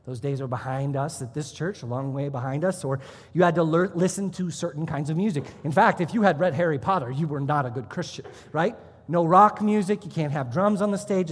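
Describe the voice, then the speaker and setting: A man's voice: a little high, animated, fairly quick, husky, in a large hall. A man serving as pastor, preaching a sermon in a church with emphatic rises and drops in his delivery. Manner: emphatic, rising and dropping for emphasis. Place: church sanctuary.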